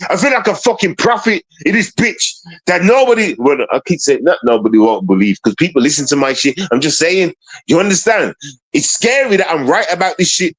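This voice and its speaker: Guy ranting on his stream, kinda high voice, rambly, swears a lot, keeps repeating himself. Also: expressive, brisk, rough recording. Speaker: livestream host. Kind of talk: rambling livestream talk.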